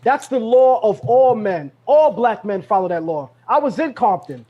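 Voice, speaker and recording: A high-voiced man holds the floor on a live podcast and hammers his points home through repetition. His tone is confrontational and insistent. The call audio sounds dull and lo-fi. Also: lively intonation, normal speed, breathy edge. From Brooklyn, New York. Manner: emphatic, repeats phrases, confrontational. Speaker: guest speaker. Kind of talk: heated live podcast talk.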